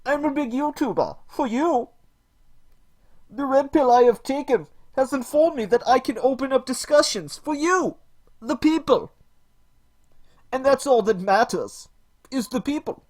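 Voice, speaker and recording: A man's voice: very high voice, lively intonation, measured pace, long pauses, a little mellow, pitched above the performer's own voice, heavily acted. A man doing a smug grandiose feminist woman. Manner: grandiose, theatrical villain speech. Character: smug self-important female feminist video maker.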